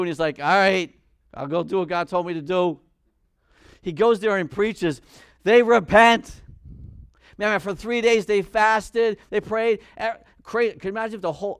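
A male preacher giving a sermon, animated, acting out Bible figures in quick voices. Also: sits high, clean tone, dry recording, clean studio sound.

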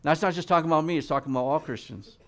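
A man preaching a sermon, reading scripture and swinging between loud emphatic peaks and quiet, low asides. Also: rapid-fire.

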